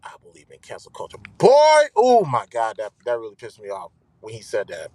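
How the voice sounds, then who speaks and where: A man hosting his own show, ranting loudly with swearing and repeating himself for emphasis. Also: mid-range voice, huge pitch swings, a little fast, dry recording. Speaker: host. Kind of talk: ranting live commentary.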